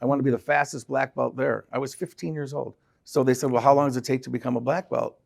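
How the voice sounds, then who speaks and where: A man speaking as a podcast guest, telling his story in a direct, brisk way. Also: mid-range voice, steady tone, gravelly. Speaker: guest, company president. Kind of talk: casual podcast conversation.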